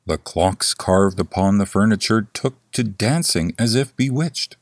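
A man's voice: fairly low pitch, animated, a little slow, dry recording, studio quality. A man narrating a classic story as an audiobook, in a theatrical reading style. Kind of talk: scripted horror story narration.

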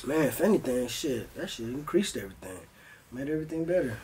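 A man's voice: mid-range voice, sing-song, quick pace, slight background noise. A young man telling a story in a loose, profane style, acting out his own voice as he goes. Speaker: guest. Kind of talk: casual storytelling.

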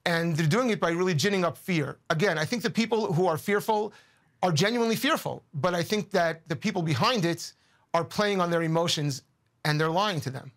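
A man's voice: high voice, fairly quick, a bit bright. A man speaking as a guest commentator in a news interview, earnest and emotional, often repeating words as he searches for them.

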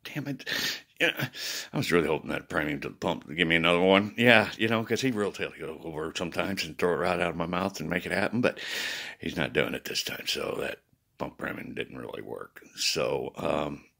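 A man talking casually to viewers, rambling with many restarts and swinging between worried and loud. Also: deep voice, lively intonation, brisk, creaky. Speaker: video blogger.

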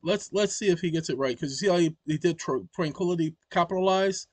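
This man hosts his own channel and delivers an emphatic, preachy monologue straight to his audience. His voice is husky and sits somewhat high for a man. The sound is dry and close, with no room echo. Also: fast. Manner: emphatic and preachy, keeps addressing the audience directly. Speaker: channel host. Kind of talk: casual explanatory monologue.

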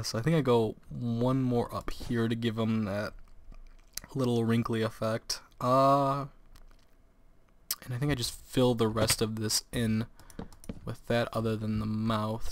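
A man's voice: fairly low pitch, flat delivery, measured pace, pauses often, fairly bright tone. A teenage boy giving casual gameplay commentary, rambling through a story and laughing often. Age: teens.

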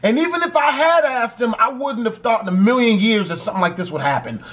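A man telling a dramatic personal story in an animated, profanity-heavy way. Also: very high-pitched, quick pace. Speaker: vlogger. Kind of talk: storytime vlog.

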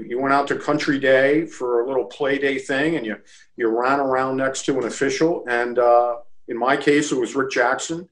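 The recording is rough, the man's pitch medium. He's a Baltimore-area lacrosse official, a guest in an easygoing interview. He tells his story with gusto and acts out what others said.

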